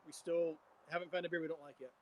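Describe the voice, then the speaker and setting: A man's voice: fairly high pitch, little pitch movement, quick pace, slight background noise, low-quality recording. A man co-hosting a homebrew show, chatting casually on a live stream in a laid-back way and often calling people "man".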